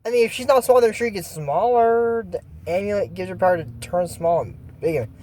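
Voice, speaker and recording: A man's voice: sits high, fairly quick, a little hiss or hum. A man casually recapping a cartoon episode, rambling with many fillers and joking asides. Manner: rambling, filler-heavy, excitable, jokey asides. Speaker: YouTube cartoon commentator.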